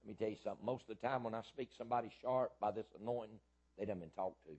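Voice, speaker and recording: Fiery preacher man, husky. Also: lowish voice, racing, lo-fi sound. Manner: fiery, emphatic preaching with loud rises and repetition. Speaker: pastor. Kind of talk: sermon.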